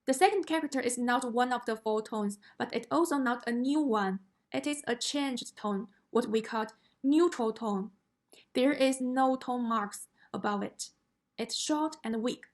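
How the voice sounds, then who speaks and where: Slow-spoken high-voiced woman teacher. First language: Chinese. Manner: slow, careful explanation, demonstrating tones aloud. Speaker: Chinese language teacher. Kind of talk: language lesson.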